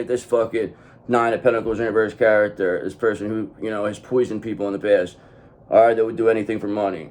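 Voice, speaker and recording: A man's voice: fairly low pitch, a little mellow. Rambling man giving a casual tarot reading. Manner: rambling, often says "okay"; swears freely. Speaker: tarot reader.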